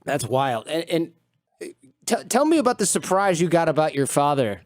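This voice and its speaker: A man's voice: on the high side, very animated, moderate pace, no echo, clean studio sound. A man interviewing a guest, mostly reacting briefly and asking prompting questions.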